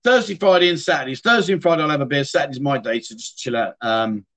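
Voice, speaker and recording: A middle-aged livestream host rambles and chats casually, answering viewers' comments. His voice is on the high side, a bit bright, and fast.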